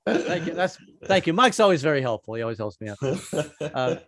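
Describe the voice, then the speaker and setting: A man's voice: fairly high pitch, sing-song, fairly quick, fairly bright tone. A man in his fifties doing a stand-up comedy set, rambling and self-mocking, with many restarts.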